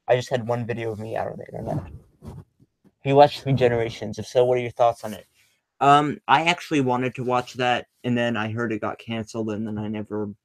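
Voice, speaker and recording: A man's voice: lowish voice, no echo. A young man hosting a casual livestream, reading chat questions aloud and answering in a rambling, blunt way full of ums and swearing. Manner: rambling, filler-heavy, blunt and profane.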